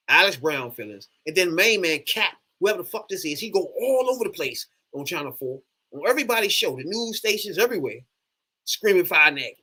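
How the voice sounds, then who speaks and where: Fired-up guy ranting into the camera, swearing a lot, voice jumping all over, kinda high. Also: breathy edge. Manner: animated, profane, exasperated ranting. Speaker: sports fan vlogger. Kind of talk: casual ranting monologue.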